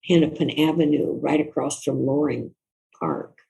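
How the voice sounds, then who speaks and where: An older woman, a guest author, recalling a personal story in an interview in a reflective, soft-spoken, earnest way. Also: deep voice, steady tone, moderate pace, gravelly, poor audio.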